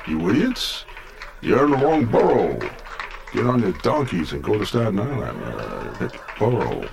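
A man's voice: lowish voice, very animated, moderate pace, darkish tone, a little hiss or hum. A man playing a brash Brooklyn lounge comic, insulting the crowd in a club routine. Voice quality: gravelly, insult-joking. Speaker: stand-up comic.

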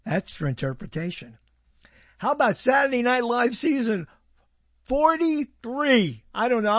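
High, animated husky man rambling. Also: dry recording. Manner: sarcastic, wandering, self-interrupting. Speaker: video host reviewing TV listings. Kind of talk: rambling casual commentary.

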